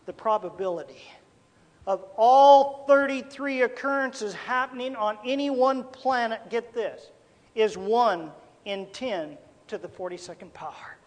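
A man with a very high voice preaches a sermon, folksy and emphatic, calling out to his listeners as folks. His voice rings with the long reverb of a big hall. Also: unhurried.

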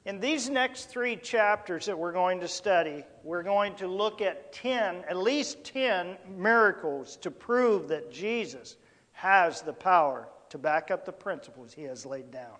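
A man's voice: high voice, animated, measured pace, fairly bright tone. A man preaching as a pastor, teaching unhurriedly with rhetorical questions and a few fillers and restarts. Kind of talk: sermon teaching. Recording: long echoey hall reverb.

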